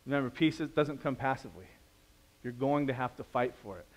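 A pastor preaching a sermon in a conversational, storytelling way, asking the audience questions and swinging between quiet and loud. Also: male voice, medium pitch, lively intonation, brisk.

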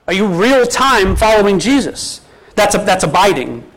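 A male pastor with a notably high-pitched voice delivers a sermon in a relaxed, conversational way. He keeps turning to the congregation with questions and weaves in spoken scripture quotes. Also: fast talker, rough recording. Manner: quotes scripture at an easy speaking pace.

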